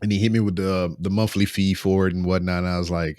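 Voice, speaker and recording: Profane, animated man telling a story. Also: low-pitched, fast, no echo, clean studio sound. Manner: animated storyteller, swears freely. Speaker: podcast co-host. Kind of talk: casual chat.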